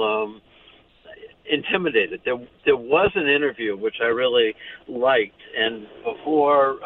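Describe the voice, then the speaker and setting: Older man, halting speech over a phone line. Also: mid-range voice. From United States. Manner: halting, many restarts, wry. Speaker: author and pediatrician, guest. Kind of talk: casual interview talk.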